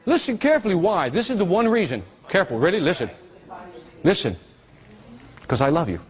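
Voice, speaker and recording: A man giving a live marketing seminar, animated and teasing, drawing call-and-response from his audience. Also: a little high, normal speed, very noisy.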